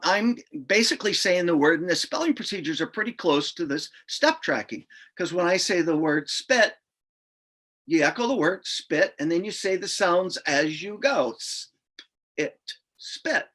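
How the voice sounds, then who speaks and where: A man's voice: high-pitched, animated, normal speed, fairly bright tone. A middle-aged man explaining reading lesson procedures in an informal way, sounding out letters aloud as he goes. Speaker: reading instructor. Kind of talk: instructional explanation.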